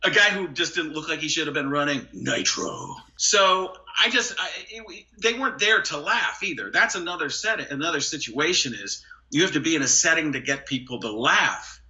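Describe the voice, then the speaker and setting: A male comedian and impressionist chatting on a podcast, lively and quick to slip into impressions. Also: a little high, lo-fi sound. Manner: animated, jumps into brief celebrity impressions. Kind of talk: casual podcast chat with quick impression demos.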